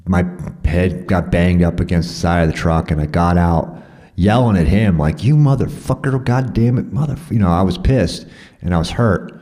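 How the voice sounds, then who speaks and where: A man's voice: low-pitched, warm tone. A man telling a rambling personal story in a profane, conversational way, full of fillers and restarts.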